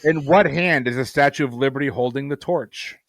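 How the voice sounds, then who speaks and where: A man's voice: medium pitch, brisk, a bit bright, no room sound. A man hosting a trivia game, reading questions and teasing the players with dry humor. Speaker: trivia quizmaster.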